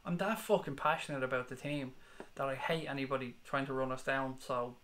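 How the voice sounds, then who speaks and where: A man's voice: medium pitch, fairly even intonation, a little fast, noisy background. A man who hosts a football fan channel and chats bluntly while reading out viewers' comments on a live stream. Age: 30s. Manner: blunt, sweary, passionate. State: has a headache.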